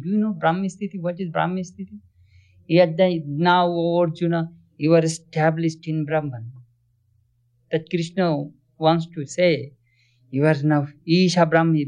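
A man's voice: fairly high pitch, a little mellow. A man giving a religious discourse, earnestly explaining and often asking his listeners questions. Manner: earnest, questions listeners, chants Sanskrit verses quickly. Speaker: spiritual teacher. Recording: dull lo-fi recording.

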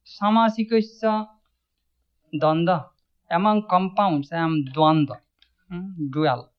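A man with a notably high voice gives a spiritual talk as a swami, explaining scripture in a measured way. He pauses and restarts his phrases as he thinks. The recording is dull and lo-fi. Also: clear, resonant tone. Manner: measured, thoughtful pacing with frequent restarts.

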